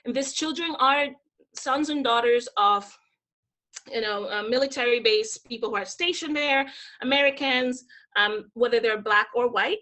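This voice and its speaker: Energetic high-voiced woman telling stories. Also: moderate pace. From Dominican Republic. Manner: energetic, animated storyteller. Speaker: podcast guest. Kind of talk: casual interview conversation.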